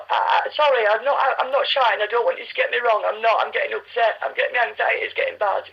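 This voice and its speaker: A woman's voice: on the high side, steady tone, fast, hardly any pauses, slightly rough. A woman, agitated and insistent, stammering as she argues on a recorded phone call. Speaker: caller disputing council tax.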